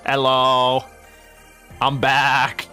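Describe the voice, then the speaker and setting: A man's voice: mid-range voice, monotone, very slow, bright, forceful tone, smooth, faint music behind. A man streaming a game, chatting casually, joking, swearing often and correcting himself mid-sentence.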